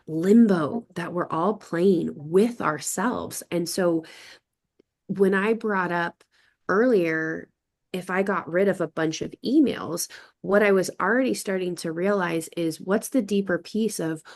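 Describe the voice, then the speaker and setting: A woman's voice: on the low side, a little slow, darkish tone. A woman talking reflectively in a casual group conversation, wandering through her thoughts and acting out quoted phrases.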